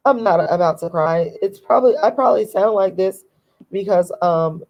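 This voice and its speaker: A channel host with a mid-range voice speaks unhurriedly and pauses often in a casual opinion vlog, recorded at low quality. She talks from a laid-back position, her voice tired after a long day, and she's emphatic, repeating phrases to stress her points.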